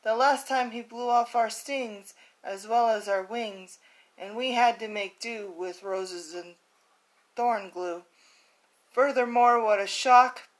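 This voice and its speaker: A woman's voice: fairly high pitch, slow pace, rough recording. A woman reading as worried pleading bees.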